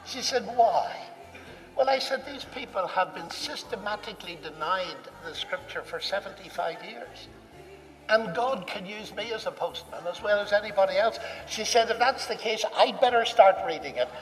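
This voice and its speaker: A man telling a personal story to an audience, animated and acting out the dialogue as he goes. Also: high-pitched, normal speed, soft background music. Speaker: speaker recounting a personal story. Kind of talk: anecdotal storytelling talk. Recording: distant mic in a reverberant hall.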